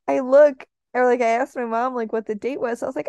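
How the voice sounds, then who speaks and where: Young woman podcast co-host, gravelly, fairly high voice, chatty and giggly, dry close sound. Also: steady tone, fairly quick, warm tone, no echo. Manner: chatty, laughs often, acts out quotes. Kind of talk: casual chat.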